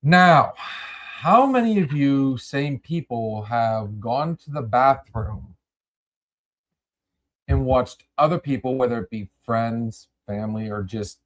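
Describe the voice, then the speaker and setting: A man's voice: medium pitch, slow pace. A man hosting a casual podcast chat, rambling and repeating words as he addresses his listeners. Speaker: podcast host.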